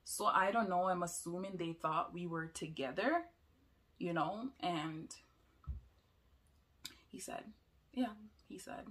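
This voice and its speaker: Slow, emotional young woman telling a story. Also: fairly low pitch, fairly bright tone. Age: young adult. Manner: emotional, halting retelling. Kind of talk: personal storytime.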